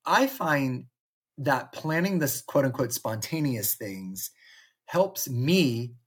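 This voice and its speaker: A man's voice: mid-range voice, lively intonation, slow pace, slightly rough. A man co-hosting a podcast in casual conversation, telling stories and acting out bits of dialogue. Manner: storytelling, acts out quoted dialogue. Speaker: podcast co-host.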